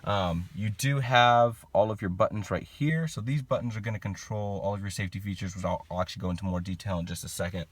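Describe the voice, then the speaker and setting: A man's voice: fairly low pitch, quick pace, few pauses. A young man casually walking viewers through a car's interior, chatty and loose with lots of filler words. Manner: relaxed, chatty, many fillers like "like" and "you know". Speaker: car reviewer. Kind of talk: casual product walkthrough. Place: inside a car.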